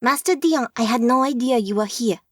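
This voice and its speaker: A man's voice: very high voice, normal speed, fairly bright tone, no room sound, clean studio sound. A woman voicing a man who is a crime boss grovelling before his master, in a raised, pleading voice.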